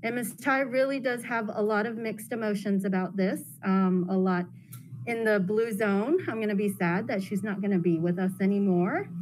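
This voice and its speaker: A woman school counselor, gently talking children through their feelings. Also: medium pitch, fairly even intonation, normal speed. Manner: gentle, explains feelings simply with fillers. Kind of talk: classroom guidance talk to children. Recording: noisy classroom recording.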